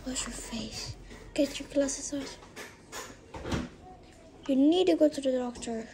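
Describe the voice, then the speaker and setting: A woman with a high voice acts out a family pretend play, shifting from hushed whispers to excited calls. She speaks slowly and without hurry. Steady room noise sits clearly under the voice. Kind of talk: family pretend play acting out several characters.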